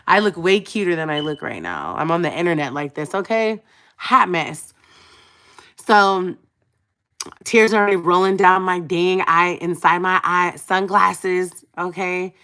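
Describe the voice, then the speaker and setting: A woman's voice: fairly low pitch, a little slow, sharp tone. A young woman telling a personal story on a livestream, emotional and confiding, speaking straight to her viewers. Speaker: vlogger on a live stream.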